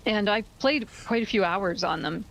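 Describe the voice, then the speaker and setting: A woman's voice: medium pitch, normal speed, vocal fry, a bit bright, rough recording. A woman, a fellow streamer, chatting casually with hesitant, giggly speech. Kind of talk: casual chat.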